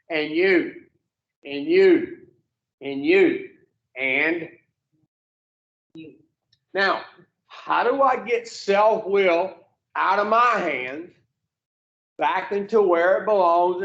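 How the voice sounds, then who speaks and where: A man with a fairly high voice speaks slowly, leading a recovery group in a folksy, plain-spoken way with mild swearing. He keeps calling on his listeners as he teaches. The room is echoey and the sound is dull and lo-fi. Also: a bit bright. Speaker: addiction recovery group leader.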